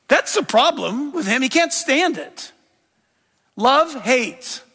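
A middle-aged male pastor preaching an animated, emphatic sermon with humorous asides. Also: very high-pitched, normal speed, long reverb tail.

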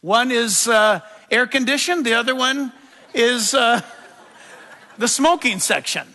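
A middle-aged male pastor preaching an animated, emphatic sermon with humorous asides. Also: very high-pitched, measured pace, big-room sound.

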